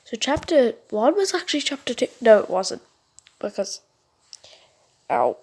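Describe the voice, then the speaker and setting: A woman gaming YouTuber reading a story game aloud, expressive and reacting with exclamations. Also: fairly high pitch, a little slow, husky.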